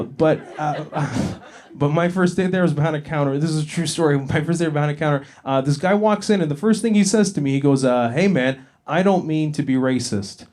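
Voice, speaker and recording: Brash stand-up comic, slightly high voice. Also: male voice, darkish tone. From Libya. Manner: brash, profane, laughing at his own jokes. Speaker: stand-up comedian. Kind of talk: stand-up comedy set. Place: comedy club stage with live audience.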